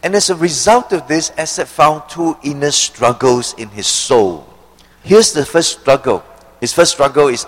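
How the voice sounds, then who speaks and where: A male preacher giving an expository sermon, asking rhetorical questions and slowing down to stress key phrases. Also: on the high side, animated, big-room sound, rough recording.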